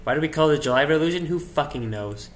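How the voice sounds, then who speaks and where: A man's voice: fairly high pitch, lively intonation, rapid-fire. A man casually commenting on a game playthrough, self-mocking and offhand. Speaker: gaming YouTuber. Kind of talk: let's play commentary.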